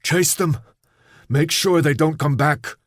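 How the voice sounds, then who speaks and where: A man plays a desperate young man at the edge of his sanity, his voice pushed well above its usual pitch. He pleads and barks orders through strain, anguished and unsteady. It is recorded dry and close in the audiobook. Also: takes it slowly, no echo.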